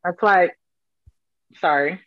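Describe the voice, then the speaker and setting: A woman's voice: fairly low pitch, takes it slowly, dry recording. A woman hosting a casual podcast chat, talking hesitantly and repeating words. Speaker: podcast host. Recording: dull dry mic sound.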